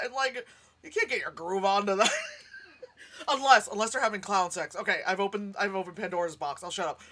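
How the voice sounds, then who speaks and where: A lively woman reviewing a movie in a loose, chatty way. Her pitch swings all over as she reacts, and she laughs a lot. She swears casually and speaks frankly. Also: moderate pace. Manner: animated, laughs often, acts out sounds and lines.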